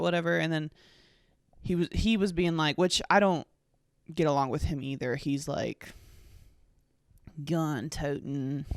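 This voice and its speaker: A woman's voice: deep voice, no room sound, studio quality. A young woman in her twenties from the United States, hosting a casual solo podcast in a rambling, sweary, sarcastic way full of fillers. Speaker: podcast host.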